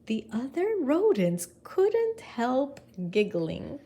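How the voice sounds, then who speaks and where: A woman reading a picture book aloud to children in an expressive way, pausing to ask her listeners questions. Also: high-pitched, a little hiss or hum. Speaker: storybook reader.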